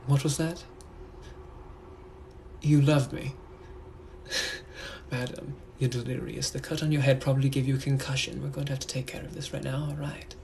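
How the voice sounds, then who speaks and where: A man voicing a suave, menacing Victorian gentleman butler with a put-on British accent, in whispered role-play, speaking slow, hushed and deliberate. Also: medium pitch, level tone, gravelly, lightly acted. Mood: soothing. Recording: noisy background hiss.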